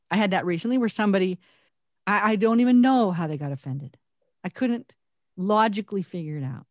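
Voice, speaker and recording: A woman co-hosting a podcast, talking earnestly and reflectively with animated emphasis. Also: mid-range voice, fairly quick, dry recording, studio quality. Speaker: podcast co-host. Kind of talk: conversational podcast talk.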